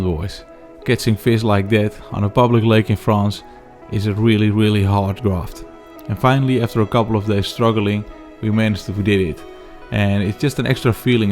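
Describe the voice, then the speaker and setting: Earnest man, low voice, talking to camera, slightly non-native phrasing, soft music behind. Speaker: angler and filmmaker. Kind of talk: reflective talk to camera.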